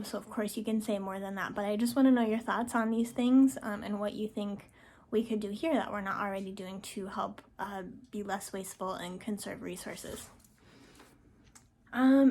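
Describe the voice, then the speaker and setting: A woman teacher talks through the week's schoolwork in an easygoing, conversational way, filling pauses with ums. She repeats her reminders firmly. Her voice sits at an ordinary middle pitch. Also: darkish tone, a little hiss or hum. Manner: casual, with frequent ums, firm reminders. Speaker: French teacher. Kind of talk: recorded class announcement.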